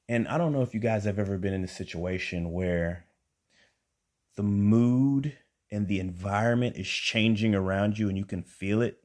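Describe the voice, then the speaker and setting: A young man telling a stand-up comedy story, animated, acting out the people in it. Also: on the low side, moderate pace. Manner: animated, acts out quotes with rising emphasis.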